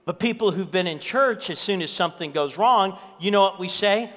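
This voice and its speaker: A man with a high, ringing voice preaches to his church, telling stories and hammering points home by repeating them. His voice carries a long reverb through the hall. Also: lively intonation, moderate pace, fairly bright tone. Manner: storytelling preacher, repeats key lines for emphasis. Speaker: pastor. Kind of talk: sermon.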